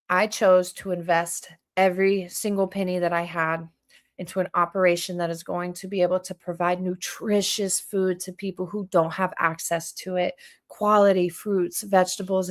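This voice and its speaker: A woman's voice: on the low side, flat delivery, moderate pace. A woman hosting a livestream, speaking in a fervent, preachy monologue and firing pointed questions at her viewers. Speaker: livestream host and community food organizer.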